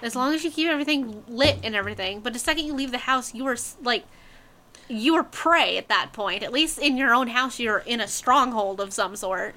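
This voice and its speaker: Woman, higher pitch, bright tone, casual film commentary, blunt, laughs a lot. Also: fairly quick. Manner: blunt, swears freely, laughs often. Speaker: co-host reacting to a film. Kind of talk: casual movie-reaction chat.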